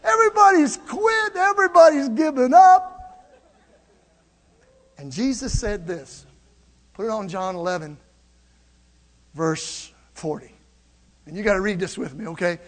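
A man preaching a sermon to his congregation, animated, swinging between loud and hushed, with jokey asides. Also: sits high, unhurried, long pauses. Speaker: pastor. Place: church. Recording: long hall reverb.

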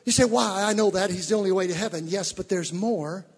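A male preacher giving a fervent sermon, rising from teaching to shouted exhortations. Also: high-pitched, brisk, breathy edge, in a large hall.

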